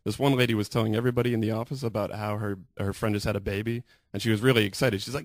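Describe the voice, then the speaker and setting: A young man performing a deadpan stand-up set live in a radio studio, slipping into higher voices to act out coworkers. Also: racing, few pauses, no room sound. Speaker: stand-up comedian.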